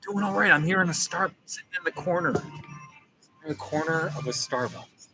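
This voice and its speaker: A man's voice: on the high side, expressive, a little fast, music in the background, rough recording. A man chatting casually on a livestream from a coffee shop corner, playful and chatty and repeating his phrases with chuckles. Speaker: livestream host. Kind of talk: casual livestream chat reading viewer comments.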